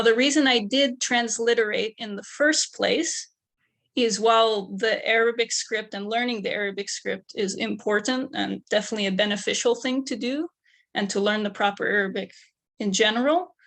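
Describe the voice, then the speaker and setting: Young female student researcher, gravelly fry, methodical presenter. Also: medium pitch, a bit bright. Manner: methodical, explaining steps one by one. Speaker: undergraduate researcher.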